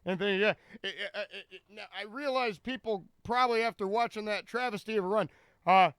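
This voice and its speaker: A man's voice: high-pitched, a little fast, fairly bright tone, no room sound. A man commentating his own game run live, rambling and joking with frequent stammered restarts.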